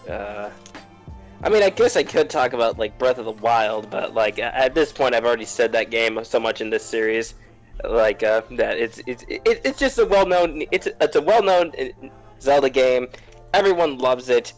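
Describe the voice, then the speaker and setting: A man's voice: mid-range voice, animated, moderate pace, faint music behind. A man co-hosting a casual gaming podcast over a voice call, rambling through his thoughts with lots of fillers and swearing. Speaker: podcast co-host.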